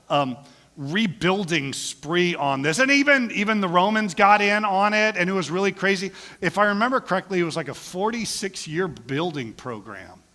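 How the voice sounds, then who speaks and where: A man's voice: high-pitched, in a large hall. A man preaching a casual, joking sermon as pastor, often acting out quoted lines in different voices. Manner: animated, jokey, acts out quotes with voices. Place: church sanctuary.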